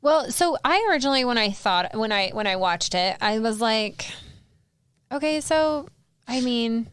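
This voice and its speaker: Woman podcast host, earnest and questioning, clear high-ish voice. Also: a little fast, fairly bright tone, dry recording. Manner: earnest, questioning, many restarts. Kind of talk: casual discussion.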